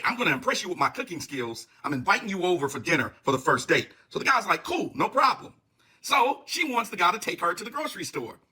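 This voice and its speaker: Man, high piercing voice, husky, fast amused storytelling. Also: pushed and bright. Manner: amused, gossipy retelling with laughs and acted quotes. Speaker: online commentator. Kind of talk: storytelling commentary.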